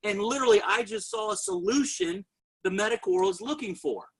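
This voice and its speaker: A man giving an energetic motivational sales testimony and talking straight to his audience as a network marketing presenter. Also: very high-pitched, a little fast, gravelly, husky, poor audio.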